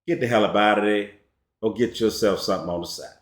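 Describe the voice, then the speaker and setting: A man's voice: fairly low pitch, fast. A man giving a casual storytelling monologue as a relationship commentator, slangy and emphatic. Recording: echoey room.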